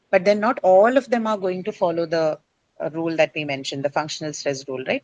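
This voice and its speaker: A woman's voice: deep voice, dry recording, rough recording. A woman teaching English word stress to a class. She explains step by step, often says "uh", and asks her students questions.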